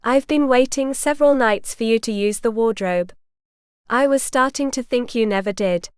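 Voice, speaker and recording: A bold young woman speaks in a teasing, earnest way as a woman narrator reads her. Her voice is fairly high, smooth and clear, and the sound is close and dry. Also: moderate pace, no room sound, lightly acted.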